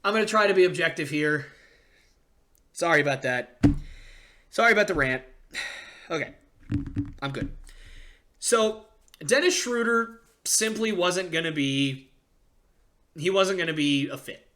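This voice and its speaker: A man hosting a podcast, giving a casual, excitable fan rant about basketball, tripping over his words and restarting sentences. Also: on the high side, measured pace, long pauses. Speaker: podcast host. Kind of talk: casual sports podcast monologue.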